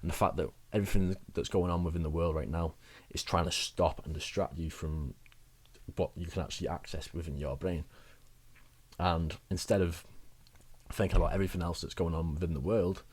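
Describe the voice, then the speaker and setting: This young man, a wellbeing vlogger, has a low, slightly rough voice with a darkish tone, speaking steadily and a little fast. His casual vlog advice wanders and chats along, punctuated by self-mocking laughter.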